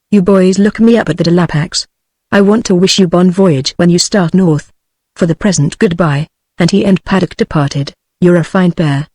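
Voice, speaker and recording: A text-to-speech voice of a woman with a British English accent, reading a novel aloud as an audiobook narrator in an even, steady delivery. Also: fairly low pitch, no echo, clean studio sound.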